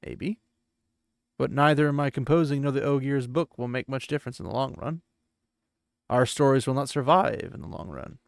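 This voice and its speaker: A man's voice: medium pitch, moderate pace, creaky, no echo, clean studio sound, close to an everyday voice. A man voicing a weathered older male gleeman who muses wistfully in a recap reading.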